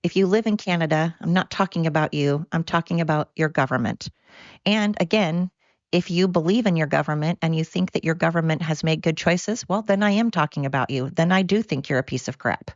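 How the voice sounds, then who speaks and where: A woman's voice: sits low, a little fast, no room sound, dull audio. A woman hosting her own podcast, ranting in a heated, blunt way and swearing freely. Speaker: podcast host. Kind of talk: solo podcast rant.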